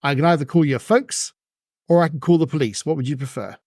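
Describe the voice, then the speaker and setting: A man's voice: a little high, fast talker, darkish tone, no room sound, studio quality. A man voicing a burly, stern male security guard who speaks in brusque commands.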